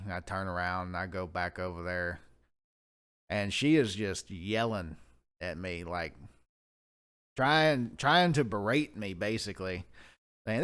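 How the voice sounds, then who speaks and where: A man's voice: lowish voice, measured pace, fairly bright tone, smooth. A man co-hosting a podcast, telling a rambling, profane story in casual chat. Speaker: podcast co-host.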